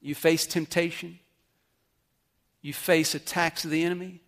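A man's voice: fairly high pitch, little pitch movement, unhurried, fairly bright tone. A man preaching a sermon, teaching earnestly and checking with his listeners. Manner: earnest teaching with questions to the congregation. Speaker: pastor. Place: church service.

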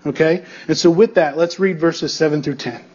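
A man's voice: fairly high pitch, moderate pace, a little mellow, slightly rough, highs cut off. A male pastor preaching an expository sermon, emphatic and building through repetition, checking in with the congregation.

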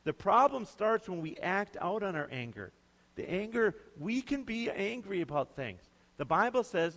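A man's voice: high voice, sing-song, normal speed, fairly bright tone. A male pastor preaching a sermon in a conversational, emphatic way, often putting questions to his listeners. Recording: long hall reverb.

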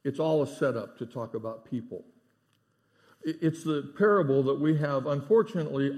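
A middle-aged man delivers a sermon in a church sanctuary. His voice sits in an ordinary middle register. He speaks earnestly and drops to a hushed tone to land key points. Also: medium pitch. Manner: earnest preaching, drops to hushed tones for emphasis. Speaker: pastor.

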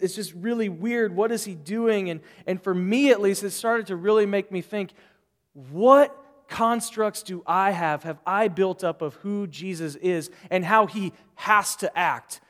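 A male pastor preaching a sermon in an animated way, acting out the voices of people in the story. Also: sits high, in a large hall.

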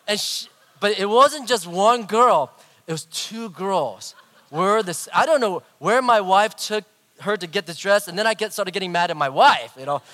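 Middle-aged male preacher, high-pitched, lively storyteller who swings from loud to hushed. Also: moderate pace. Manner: animated, acts out voices, big swings in loudness. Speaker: pastor. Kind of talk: sermon with personal storytelling.

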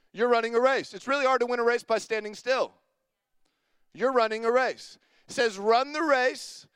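A man preaching a sermon as a pastor, energetic and calling out to the congregation. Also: high-pitched, clear, resonant tone, no echo.

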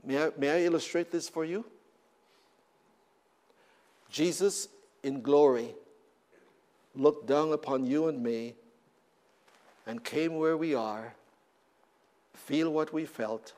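A man's voice: on the high side, slow pace, long pauses, a little mellow. A man preaching a sermon, repeating words and rising in emphatic bursts.

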